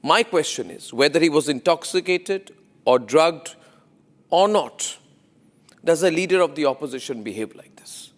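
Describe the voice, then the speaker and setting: Guy anchoring the news, pretty high voice, hammering points over and over, tons of rhetorical questions. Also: expressive, moderate pace. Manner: emphatic, repetitive, rhetorical questions. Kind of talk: opinionated news monologue.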